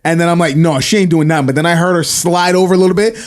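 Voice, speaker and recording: A man co-hosting a casual podcast, telling stories in an animated, slangy way and laughing often. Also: on the high side, rapid-fire. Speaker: podcast co-host.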